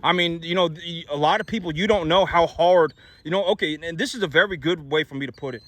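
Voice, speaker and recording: Man, slightly high voice, blunt to-camera rant, lots of "you know", dry close sound. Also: quick pace, a bit bright, no room sound. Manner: rambling, many "you know" fillers and restarts. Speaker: video host.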